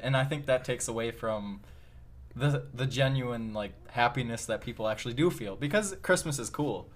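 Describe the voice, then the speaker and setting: A man's voice: mid-range voice, moderate pace. A young man co-hosting a podcast in casual chat, teasing with dry humor and chuckling at his own jokes. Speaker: podcast co-host.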